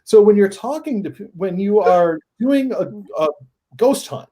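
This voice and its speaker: A man guest on a paranormal podcast, telling his stories in a casual, animated way that rises into excited emphasis. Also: sits high, unhurried. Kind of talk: casual storytelling in a podcast interview.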